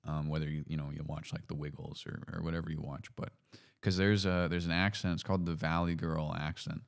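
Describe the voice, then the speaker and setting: A man from Canada hosting a podcast, talking in a relaxed, hesitant way with lots of fillers. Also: a bass voice, a little fast, gravelly. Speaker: podcast host. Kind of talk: casual chat.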